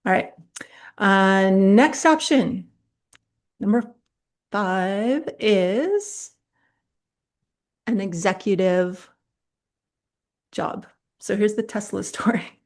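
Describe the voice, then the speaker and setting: A middle-aged woman, a public speaking coach, teaching an online master class in a chatty, animated way, often laughing mid-sentence as she tells stories. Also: mid-range voice, drawn-out words, long pauses. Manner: chatty, direct, addresses viewers.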